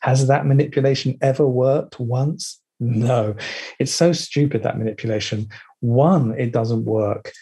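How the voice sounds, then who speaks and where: A man leading a lively online workshop, playfully acting out inner voices and swearing casually. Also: mid-range voice, unhurried, husky. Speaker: workshop teacher.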